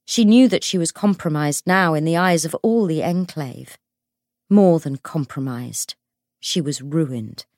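A woman reading an audiobook in measured, dramatic scripted narration. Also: deep voice, a little mellow, no echo, clean studio sound.

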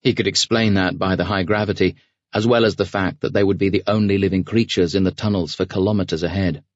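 A man narrating an audiobook in a measured, even reading voice, recorded close in a studio. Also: sits low, dry recording. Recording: dry, slightly dull studio recording.

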